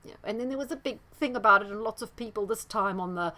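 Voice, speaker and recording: A woman's voice: medium pitch, fast. Emphatic woman talking. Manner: emphatic, animated, with many asides and quoted voices. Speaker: astrologer presenting commentary. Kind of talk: casual monologue commentary.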